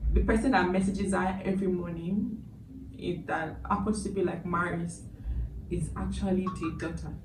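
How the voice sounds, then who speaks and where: A woman chatting through a movie review in a casual, emotional way, with lively asides. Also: on the low side. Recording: echoey room, distant mic, background noise.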